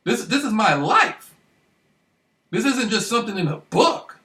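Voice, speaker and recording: A man recording a rambling, excited monologue, repeating himself and often asking if you follow him. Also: sits high, measured pace, echoey room, recorded from a distance. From Michigan, United States. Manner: excited, repetitive, keeps asking "you know what I mean". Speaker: vlogger.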